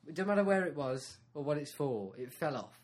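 A man's voice: fairly high pitch, animated, fairly quick. A man co-hosting a comedy chat, telling a hesitant, rambling anecdote, repeating himself. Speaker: comedy podcast co-host.

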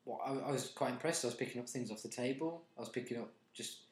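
A man's voice: mid-range voice, quick pace. Hesitant young man, echoey room. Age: young adult. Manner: hesitant, stammering restarts, deadpan. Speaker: podcast co-host. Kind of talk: casual podcast chat.

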